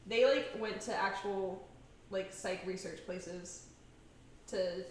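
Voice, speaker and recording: A woman's voice: mid-range voice, slow, a little hiss or hum. A young woman hosting a home cooking show, chatting and giggling casually as she cooks. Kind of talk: casual chat while cooking. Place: home kitchen. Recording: echoey kitchen, mic far off.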